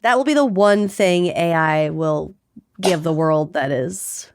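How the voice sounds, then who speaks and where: A woman's voice: fairly low pitch, slow pace, darkish tone, slight background noise. A woman co-hosting a podcast, bantering in upbeat casual chat. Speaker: podcast co-host.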